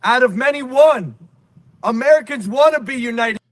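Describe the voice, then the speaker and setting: Very high-voiced man giving a rally speech. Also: animated, normal speed, no room sound. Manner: declamatory, insistent. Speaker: protest speaker.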